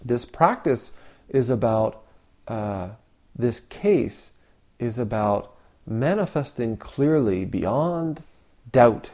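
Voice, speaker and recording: Zen teacher guy giving a dharma talk, super slow and thoughtful, lots of pauses and questions. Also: medium pitch, animated, a little mellow. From Canada. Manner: slow, reflective, with long pauses and rhetorical questions.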